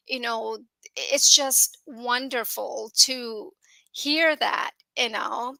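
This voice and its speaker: A woman speaks earnestly about her achievements, leaning on filler phrases as she goes. Her voice is bright and sits a little high, and the recording is dry and close. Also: slow, vocal fry, no echo, poor audio. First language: grew up in the US with an Indian-accented English. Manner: earnest, many fillers like "you know". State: tearful at times. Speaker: guest sharing business success. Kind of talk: emotional personal testimonial.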